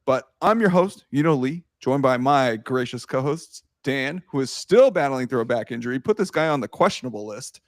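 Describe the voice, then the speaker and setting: An excitable young man hosts a casual sports chat, laughing often and swearing freely. His voice sits in an ordinary middle pitch. The sound is dry and close, with no room around it. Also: moderate pace, few pauses, no echo. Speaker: podcast host.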